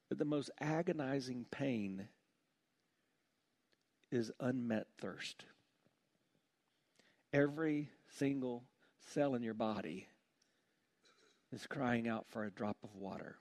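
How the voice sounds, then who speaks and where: A man preaching a sermon with passion, dropping to a hushed voice on heavy points. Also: mid-range voice. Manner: impassioned, drops to a hush on heavy points. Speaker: pastor.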